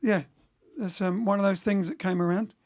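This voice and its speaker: At home during lockdown, a man hosts a livestream for his band, chatting casually and reading out viewer comments while rambling with lots of fillers and restarts. His voice sits high with fairly even intonation, a moderate pace and a slightly mellow quality.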